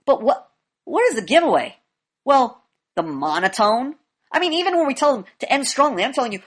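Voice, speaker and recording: A woman speaking coach lecturing her class in an emphatic way, blunt and sometimes profane. She swings between loud demonstrations and quiet asides. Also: on the high side, very animated, fairly quick.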